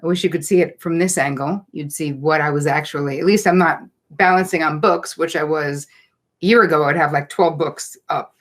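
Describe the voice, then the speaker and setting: A middle-aged woman with a slightly low voice welcomes viewers to a live online class from home. She chats casually and greets people by name and place as they arrive. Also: fairly even intonation, a little fast. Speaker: host of a live online masterclass. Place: home setup. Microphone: computer setup, looking down at notes.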